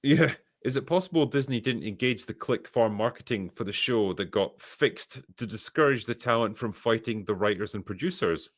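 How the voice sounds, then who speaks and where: In a casual podcast chat, a Scottish man with a somewhat low voice reads viewer messages aloud and answers them with sardonic, dry, profane remarks. He keeps a normal speed with few pauses. The recording is close-miked and dry, without any room sound.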